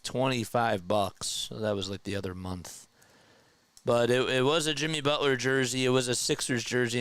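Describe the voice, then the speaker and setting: A young man doing casual play-by-play of a live baseball game and chatting with his viewers between pitches. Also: clean tone, no room sound. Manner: gets loud and high when excited. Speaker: fan play-by-play streamer.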